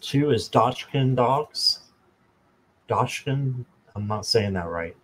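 Slow-talking man hosting a live stream. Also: fairly low pitch, lively intonation, rough recording. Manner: slow, chatty, talks to viewers by name, jokes. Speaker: tarot reader and channel host. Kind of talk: casual live-stream chat.

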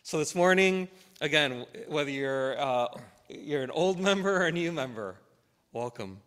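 Slow, measured pastor in a reverberant church. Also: male voice, a little high, lively intonation, fairly bright tone, clear, resonant tone. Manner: slow, measured reading with emphatic phrases. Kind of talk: church welcome, scripture reading and prayer. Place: church sanctuary. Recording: long hall reverb.

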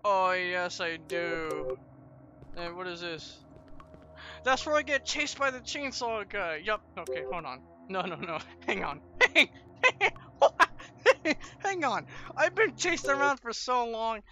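A man's voice: high-pitched, slow, faint music behind. Young male gaming host, emotive and jumpy, swooping voice, recorded on a muffled mic with hiss. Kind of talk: horror let's play commentary. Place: home room, gaming at night. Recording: dull lo-fi mic with steady noise.

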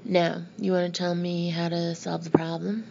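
Woman reading cocky older brother boy, slangy, teasing, flat delivery. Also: fairly low pitch, moderate pace, creaky, lo-fi sound, background noise.

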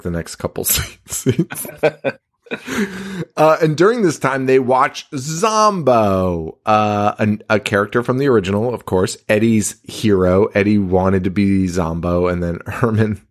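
A man's voice: lowish voice, measured pace. A man co-hosting a horror movie podcast, recapping a film in casual chat, swearing often and acting out characters' lines. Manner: animated, swears a lot, acts out characters' lines. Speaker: podcast co-host.

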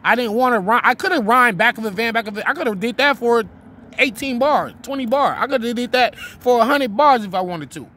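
A man's voice: very high voice, a little fast, pushed and bright. A man giving a casual, talkative lesson on writing rap rhymes, now and then reciting his own bars. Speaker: battle rap teacher.

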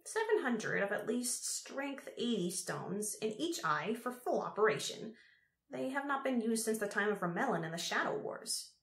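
A man's voice: sits high, sing-song, moderate pace, bright, forceful tone, exaggerated voice. A woman reading the part of a cheerful, absent-minded old male scholar who rambles eagerly. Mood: absent lecturing. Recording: roomy echo.

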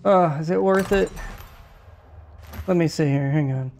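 A man streaming a game live, muttering casual commentary and quick offhand reactions. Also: a little high, vocal fry, darkish tone, soft background music.

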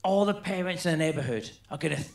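A man voicing a swaggering teenage friend who loudly hypes heavy metal. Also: on the high side, fast, vocal fry, roomy sound, pitched below the performer's own voice. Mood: boastful hype. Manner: loud, conspiratorial, boastful.

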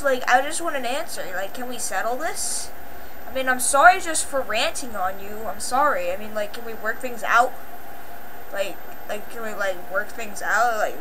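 A woman talking casually to camera in a rambling, halting apology, full of filler words and repeated pleas. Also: fairly high pitch, pushed and bright, a little hiss or hum, poor audio. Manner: pleading, repetitive apologizing. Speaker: channel owner.

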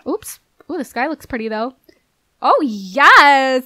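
A woman with a high, bright voice chats her way through a life-sim game, bubbly and quick to laugh, cheering on and scolding the characters on screen. Her voice is recorded close on a dry microphone with no room sound. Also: very animated, dry recording. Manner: bubbly, chatty, laughs often, talks to the characters. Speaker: gameplay commentator. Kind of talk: casual game commentary.

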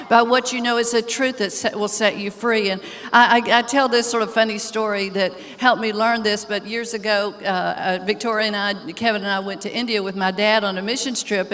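A woman preaching to a congregation, speaking in a fairly high voice. She tells a personal story in an earnest, animated, conversational way. The sound carries a long reverb from a large church hall. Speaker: co-host preacher. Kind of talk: conversational sermon.

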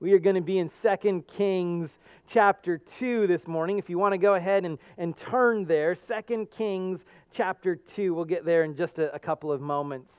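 A man's voice: sits high, smooth, dry recording. American male pastor preaching, earnest storyteller, dry sound, a bit dull. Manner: earnest storytelling, with animated jokes. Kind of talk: sermon.

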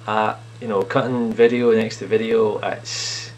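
A man's voice: lowish voice, little pitch movement, a little slow, slight background noise. A man talking with himself in a casual improvised comedy skit, rambling and self-mocking, recorded at home on a camera in his sitting room. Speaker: video blogger playing himself and his clone. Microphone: camera on a TV unit.

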